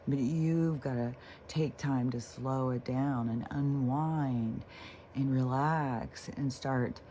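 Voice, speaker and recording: Mellow-voiced woman rambling about healing. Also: rumbling low, a little hiss or hum. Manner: rambling, swears casually, many fillers and restarts; slow, unhurried delivery. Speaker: spiritual vlogger. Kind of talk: casual unscripted talk.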